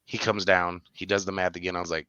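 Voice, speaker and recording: A man with a low, deep voice that still comes through bright and forceful. He co-hosts a podcast and chats casually, telling stories animatedly with sudden high-pitched laughing bursts. The sound is dry and close. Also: flat delivery, fast talker, smooth, no echo, muffled recording. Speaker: podcast co-host. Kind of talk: casual chat.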